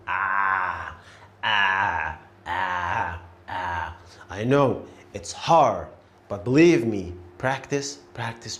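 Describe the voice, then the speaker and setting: A man teaching a beginner lesson, repeating each letter clearly and encouraging the learner. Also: medium pitch. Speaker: Arabic teacher.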